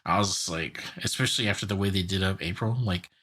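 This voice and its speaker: A young man with a low, slightly husky voice co-hosts a casual podcast. He retells a cartoon episode in an animated, rambling way, full of filler words. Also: quick pace. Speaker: podcast co-host.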